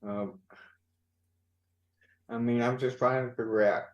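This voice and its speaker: A man's voice: mid-range voice, fairly even intonation, unhurried. Puzzled man on a roomy call. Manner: puzzled questioning. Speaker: call guest. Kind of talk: casual chat. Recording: roomy, dull video-call audio.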